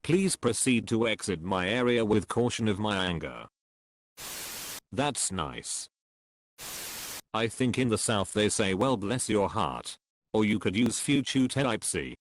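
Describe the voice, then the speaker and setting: A man reading online comments aloud in a slow, dry delivery. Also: fairly low pitch, slight background noise.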